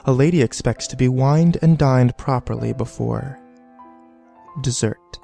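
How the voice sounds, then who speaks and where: A man's voice: medium pitch, measured pace, vocal fry, mellow, soft background music. A man voicing a flirtatious, tipsy wife who teases her husband in a coquettish way. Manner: teasing, coquettish.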